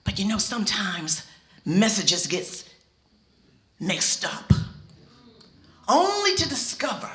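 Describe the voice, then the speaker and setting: A middle-aged woman telling a personal story on stage before an audience, expressive and speaking straight to the listeners. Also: fairly high pitch. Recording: echoey hall.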